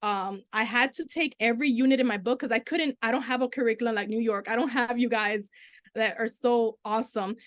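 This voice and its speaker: Middle-aged woman from the Dominican Republic, panel speaker, higher voice, tells stories with quoted dialogue, dry recording. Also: brisk, no echo. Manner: animated storytelling with quoted dialogue. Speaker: Spanish teacher, panelist. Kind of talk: panel discussion.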